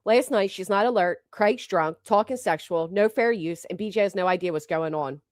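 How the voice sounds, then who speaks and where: A woman streamer doing reaction commentary at home, blunt and scornful, with plenty of swearing. Her voice sits at a middling pitch. It is recorded close and dry, with no room sound. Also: moderate pace, no room sound. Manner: blunt, mocking, swears freely.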